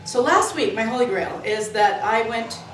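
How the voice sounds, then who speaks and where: This is a club worker from Florida, USA, talking at a normal pace in a fairly high pitch, telling lively, wandering stories stuffed with fillers and detours. She's recorded indoors at the club in an echoey room, the mic distant and a faint noise present.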